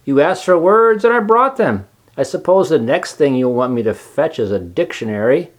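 A man's voice: a little high, animated, moderate pace, pitched above the performer's own voice. A man doing a grumbling sarcastic rat. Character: grumpy, greedy scavenging barn rat.

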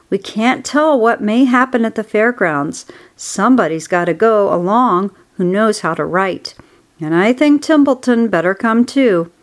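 Woman reading a soft-spoken wise spider. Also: mid-range voice, close to an everyday voice. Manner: soft, measured. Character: calm wise female spider.

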